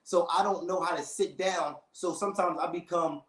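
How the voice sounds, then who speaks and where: Animated man telling a story in an echoey room. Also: high-pitched, moderate pace. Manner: animated storytelling with slang and quoted voices. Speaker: storyteller in a casual conversation. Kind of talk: casual chat.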